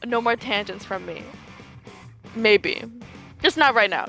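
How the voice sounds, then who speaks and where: A woman's voice: medium pitch, slow pace, bright, forceful tone, soft background music. A young woman commentating a live esports tournament, joking in playful mock outrage and wandering off on tangents.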